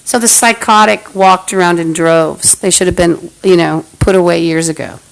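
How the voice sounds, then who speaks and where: A woman's voice: fairly low pitch, fairly even intonation, moderate pace, gravelly, poor audio. A woman on a phone livestream, hurling profane, hostile abuse at unseen listeners in an angry rant. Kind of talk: angry live-stream rant.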